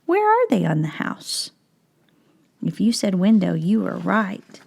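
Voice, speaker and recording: A woman teacher reading a picture book aloud to young children, slowly and clearly, pausing to ask them questions. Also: medium pitch, huge pitch swings, a little mellow. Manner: slow, clear, asks questions of child viewers.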